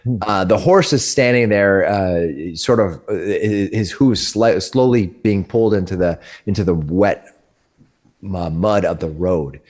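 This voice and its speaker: A man's voice: low-pitched, measured pace, a little mellow. A young adult man narrating as game master, with frequent hesitations and restarts. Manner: hesitant, many uh's and restarts.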